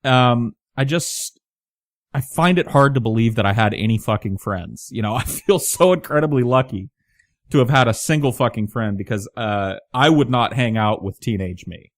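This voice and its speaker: A man's voice: medium pitch, moderate pace, dry recording, studio quality. A man in his thirties with a light Southern twang, rambling casually and self-mockingly to his channel, swearing often. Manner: rambling, profane, self-mocking, many restarts. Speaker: channel host. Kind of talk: casual monologue to camera.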